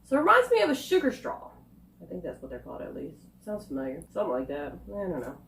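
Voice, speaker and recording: A woman reviewing snacks in a casual taste-test vlog, chatting and thinking aloud with quiet asides. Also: on the low side, huge pitch swings, fast, vocal fry. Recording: echoey room.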